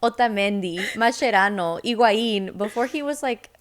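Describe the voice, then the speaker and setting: A young woman from Seattle, a podcast guest, telling a story in a casual chat, acting out the people she quotes. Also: normal speed. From Seattle, United States. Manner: animated storyteller, acts out quoted voices with sudden high pitch.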